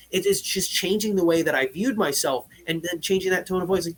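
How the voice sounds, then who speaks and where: A man who is a guest on a talk show, speaking earnestly and casually, often ending points with "right?" and getting louder and higher when he is excited. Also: brisk, hardly any pauses, slight background noise. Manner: earnest, says "right?" again and again; gets loud and high when excited. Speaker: podcast guest, life coach.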